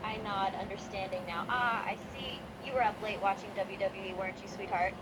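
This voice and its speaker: A playful, teasing female wrestler, voiced by a synthetic woman's voice, narrating her own smiles and nods in a chatbot role-play. Her voice sits at an ordinary middle pitch. A loud vehicle rumble runs under everything. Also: steady tone, brisk, close to an everyday voice. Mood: teasing affectionate. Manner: narrates her own actions, calls listener sweetheart.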